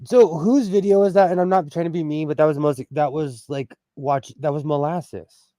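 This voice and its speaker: A man from California hosting a sewing livestream, telling stories in a playful, animated way with plenty of laughter. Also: a little high, fairly quick, no echo. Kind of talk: casual chat.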